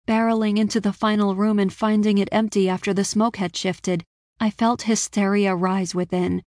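A woman's voice: medium pitch, moderate pace. A woman reads a first-person story aloud in a scripted, dramatic way, giving each line feeling. Her voice sits mid-range and is captured close on the mic, with a dry sound and no room echo. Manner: dramatic, expressive reading. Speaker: audiobook narrator.

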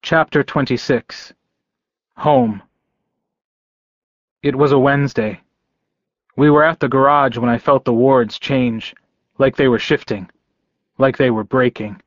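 Male audiobook narrator, even and plain, dry muffled recording. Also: medium pitch, measured pace, pauses often, dry recording. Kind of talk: first-person fiction narration. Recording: dry, dull close-mic recording.

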